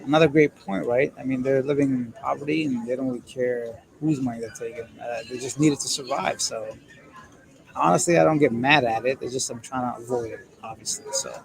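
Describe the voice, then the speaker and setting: With a gravelly mid-range voice, steady in tone and a bit fast, a man from Canada chats casually on a phone live stream from an airport transit zone. The audio is poor, with noisy crowds and PA announcements behind him as he reads comments and jokes around in a rambling, candid way.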